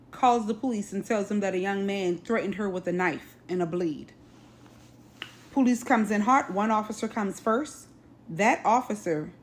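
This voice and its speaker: A woman from South Carolina recounting an incident to her viewers in casual commentary, stressing points by repeating them. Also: medium pitch. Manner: emphatic, repeats key phrases; addresses viewers directly. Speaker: social media commentator.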